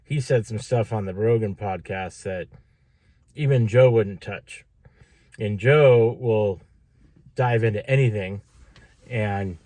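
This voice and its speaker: A man's voice: medium pitch, takes it slowly, pauses often, darkish tone, no echo. A tired man talking casually to camera for his vlog, rambling with lots of fillers and restarts. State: tired, yawning. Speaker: vlogger.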